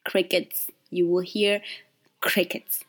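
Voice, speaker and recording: Woman, business coach, casual podcast talk, candid and animated, stumbles over words and corrects herself. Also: medium pitch, moderate pace. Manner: animated and candid, frequent fillers and self-corrections.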